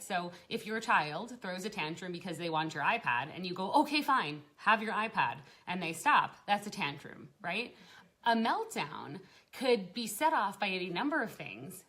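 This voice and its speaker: A young woman with a slightly low voice chats freely on a live stream, full of ums, restarts and quick laughs. She talks straight into her phone or laptop to other parents. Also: a bit bright. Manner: chatty, laughs often, many fillers and restarts. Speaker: parenting group host. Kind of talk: casual live-stream talk.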